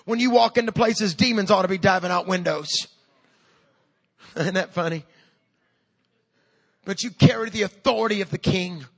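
A man in his fifties, a pastor preaching a sermon with energy and humor, building up to loud calls to his church. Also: high-pitched, normal speed, creaky, pauses often.

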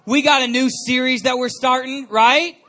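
A man giving an energetic storytelling sermon to a live audience, chatty and calling out questions to the crowd. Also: extremely high pitch, normal speed. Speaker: youth speaker.

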